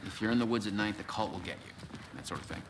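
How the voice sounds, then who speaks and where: A man's voice: fairly low pitch, expressive, fast, distant mic, background noise, natural voice. An actor playing an easygoing small-town male sheriff with a folksy, joking manner. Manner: laid-back, folksy, joking.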